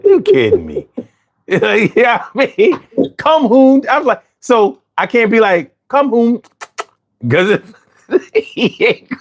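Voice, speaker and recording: A man hosting a casual chat, telling stories with lots of swearing and putting on high voices when he quotes himself. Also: slow pace, vocal fry. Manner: animated storyteller, swears freely, jumps into high voices for quotes. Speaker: host.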